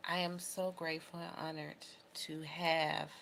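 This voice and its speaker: A woman's voice: deep voice, flat delivery, a little slow, vocal fry, a bit bright, slight background noise. A young adult woman vlogging casually to camera, talking in an emotional, heartfelt, rambling way. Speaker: beauty vlogger.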